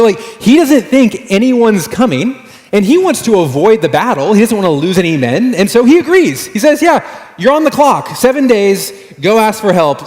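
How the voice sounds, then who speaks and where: A male pastor delivers a sermon in a relaxed, chatty storytelling manner, his voice sitting a little high for a man. The sound carries a long reverb from a roomy church hall. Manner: conversational, animated storytelling with fillers. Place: church sanctuary.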